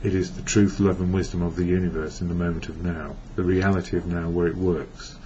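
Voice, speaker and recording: A deep, mellow male voice with little pitch movement runs a little fast. The speaker, a recovery blogger from England, rambles through personal thoughts on recovery and corrects himself along the way, recorded in dull lo-fi with a faint hiss.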